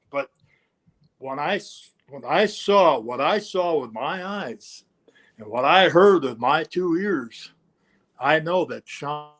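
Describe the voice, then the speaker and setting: An older man as an interview guest, telling a story in a relaxed, anecdotal way, acting out quotes and swearing now and then. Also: a little high, takes it slowly.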